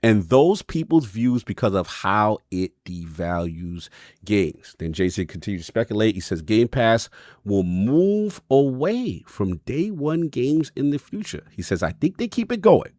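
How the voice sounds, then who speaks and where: Male podcast host, low and very expressive, casual chat, dry close mic. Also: unhurried, dry recording. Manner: animated, breaks into loud laughter.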